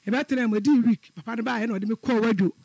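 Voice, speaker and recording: A man's voice: very high-pitched, rapid-fire, vocal fry, a little mellow, breathy edge, no room sound. A middle-aged man calling in to a radio show, telling a personal story in an earnest, repetitive way. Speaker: caller.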